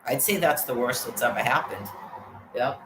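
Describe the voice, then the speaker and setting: A woman's voice: rumbling low, expressive, normal speed. Woman vlogger ranting and swearing, rambly, kinda echoey room. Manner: profane, agitated storytelling. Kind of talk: rambling personal rant. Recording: roomy with faint background noise.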